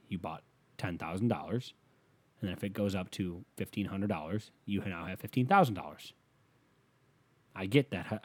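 A man's voice: fairly low pitch, darkish tone, husky. A man hosting a solo podcast, ranting in a rambling, profane way, with a slight lisp on his s sounds. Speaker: podcast host.

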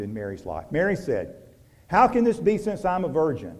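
A pastor preaching a sermon, moving from loud urgent passages to hushed, quiet ones and asking the congregation direct questions. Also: male voice, wildly swooping pitch, moderate pace. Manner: preaching with wide swings from loud urgency to hushed, low intimacy.

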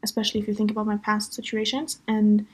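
A woman's voice: medium pitch, flat delivery, fast talker, husky. A young woman hosting a podcast, chatting casually through a personal story with lots of fillers. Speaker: podcast host.

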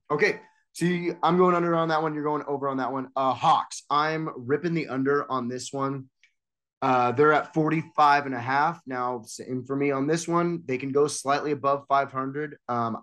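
A man's voice: medium pitch, a bit bright. A decisive man making sports picks. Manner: decisive, leads through the picks. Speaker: sports podcast co-host. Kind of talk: casual sports chat.

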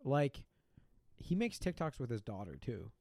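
A young man in casual chat, animated and laughing, often breaking into silly voices. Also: mid-range voice, measured pace, dry recording, clean studio sound.

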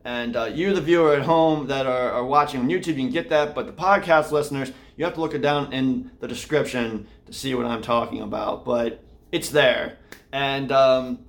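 A man talks casually through his daily video log, rambling along and restarting his sentences. His voice sits at an ordinary middle pitch. He records from his room at home. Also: normal speed. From Austin, Texas area. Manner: rambling, many fillers and restarts. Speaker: vlogger and podcast host. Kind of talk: casual daily vlog talk.

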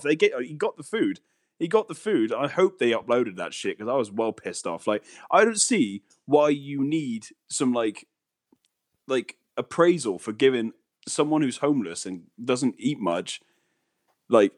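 A man's voice: mid-range voice, expressive, a little fast. A man co-hosting a comedy podcast, chatting casually and ranting with lots of swearing and laughter. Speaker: podcast co-host.

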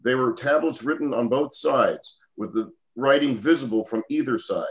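Man, reading scripture aloud, steady, plain, mid-pitched. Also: moderate pace, rough recording.

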